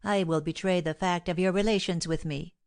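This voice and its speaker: A woman's voice: lowish voice, steady tone, brisk, a little mellow, natural voice. Woman reading as a cold, scheming young wife. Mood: contemptuous. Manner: cold, insistent, contemptuous.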